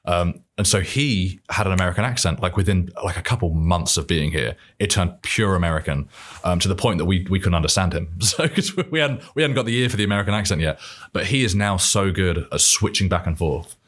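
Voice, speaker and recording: A man's voice: low voice, expressive, fairly quick, fairly bright tone. A British man in his twenties, a podcast guest chatting casually, laughing often and trailing off mid-sentence. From Britain. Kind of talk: casual conversation.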